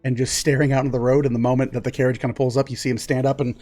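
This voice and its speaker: A man's voice: mid-range voice, little pitch movement, rapid-fire, a little mellow, faint music behind. A man narrating as game master of a tabletop game, rambling with many fillers.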